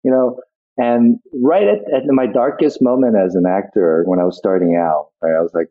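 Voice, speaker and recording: A middle-aged man, appearing as a guest actor, reminisces in a casual interview, his rather low voice moving fairly quickly. He rambles and reflects, restarting his sentences often, and the line sounds tinny, like a phone.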